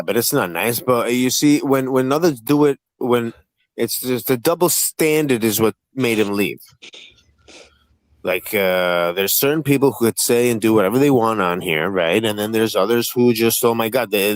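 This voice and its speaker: A man hosting a live-stream panel in casual chat. He swears constantly and needles the other guests with rapid-fire questions. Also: medium pitch, expressive, no room sound, low-quality recording.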